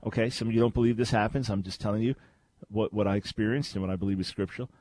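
A man hosting a call-in radio show, telling stories with lively emphasis and repeating key phrases. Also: on the low side, rapid-fire, no echo. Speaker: radio host.

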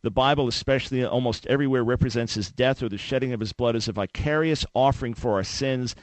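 A man hosting a radio debate with a caller, talking fast and often restarting his words as he jumps in. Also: mid-range voice, no echo. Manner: interjecting, repeats words when starting a thought. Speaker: radio show host.

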